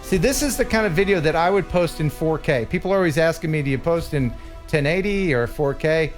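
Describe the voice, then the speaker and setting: Guy hosting a stream, bouncy high-ish voice, laughs a lot, music going soft behind. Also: fairly quick. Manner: animated, chuckling storyteller. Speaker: livestream host. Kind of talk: casual chat.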